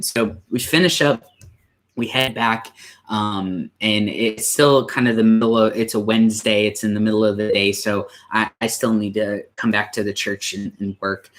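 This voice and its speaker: A young man with a fairly low voice tells a personal story slowly and unhurriedly. He speaks as a church youth pastor, stumbling and restarting often. At times he grows emotional and comes close to tears. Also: a bit bright. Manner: halting, with many restarts and fillers.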